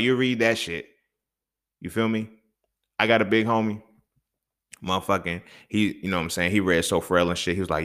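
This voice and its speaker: A young man with a fairly low voice delivers a fired-up solo podcast rant, swearing freely. He jumps from loud, sharp outbursts to low, muttered asides. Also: a little fast, pauses often. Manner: heated, profane, swings between loud outbursts and low mutters. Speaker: podcast host.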